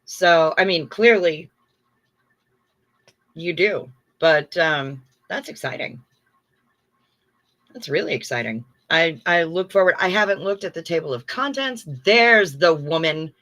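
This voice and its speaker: Woman livestream host, middle-aged, unhurried, effusive casual chat with viewers. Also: on the low side, lively intonation, a bit bright. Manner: chatty, effusive, reading viewer comments aloud.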